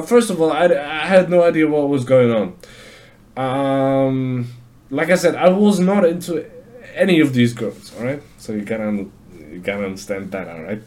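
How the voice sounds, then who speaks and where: A man's voice: mid-range voice, darkish tone, a little hiss or hum. A man hosting a casual solo podcast, rambling and swearing with lots of fillers and restarts. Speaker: podcast host. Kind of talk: casual monologue.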